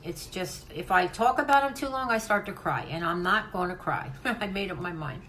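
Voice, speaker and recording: A woman's voice: on the low side, moderate pace, a bit bright, a little hiss or hum, low-quality recording. An older woman hosting a craft channel, talking in a heartfelt, rambling way to her viewers and often restarting her sentences. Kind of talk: casual vlog talk to viewers.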